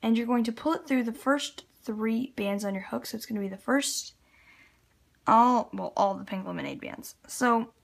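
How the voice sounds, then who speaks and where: A slightly high voice with vocal fry and a breathy edge belongs to a Canadian woman hosting a loom tutorial. Chatty and laughing a little, she explains the craft step by step while working with her hands, recorded by a tabletop camera on a tripod.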